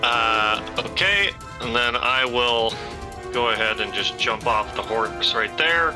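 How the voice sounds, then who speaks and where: A man's voice: mid-range voice, lively intonation, slow, over music. A man playing a tabletop game, thinking aloud about his moves. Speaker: player. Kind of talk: casual play at a tabletop game.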